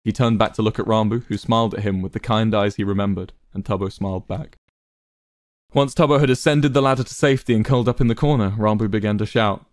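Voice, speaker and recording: A man reading a story aloud in a measured, steady narration. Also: fairly low pitch, dry recording, studio quality.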